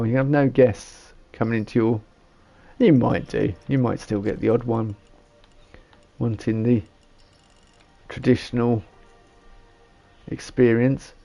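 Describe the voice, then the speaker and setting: Gravelly man musing over gameplay. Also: mid-range voice, fairly even intonation, takes it slowly, pauses often, dark tone, soft background music. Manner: rambling, thinks aloud while building. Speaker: gamer. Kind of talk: casual gameplay commentary.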